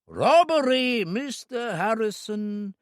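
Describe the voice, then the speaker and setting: A man's voice: high voice, sing-song, smooth, no echo, clean studio sound, voice pushed up, exaggerated voice. A man voicing a frightened, thick-voiced little club owner. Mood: fearful. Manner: pleading, panicky, drawn-out. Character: small fat frightened male club owner. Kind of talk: audiobook character reading.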